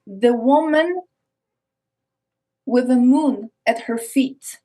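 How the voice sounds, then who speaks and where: Earnest Eastern European woman, fairly high voice. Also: a little mellow. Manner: intense, repeats words, slows on key phrases. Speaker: podcast guest. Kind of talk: earnest conversational explaining.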